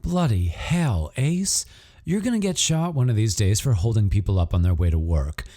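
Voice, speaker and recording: Male narrator voicing a blunt teasing Australian woman, mellow tone, lively delivery, audiobook role. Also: on the low side, moderate pace, pitched above the performer's own voice. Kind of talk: audiobook character voice.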